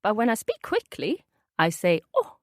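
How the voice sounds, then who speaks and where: A woman's voice: fairly high pitch, very animated, unhurried, no room sound, clean studio sound. A woman with a Swedish accent teaching her language on a podcast, patiently modelling phrases with a sing-song intonation.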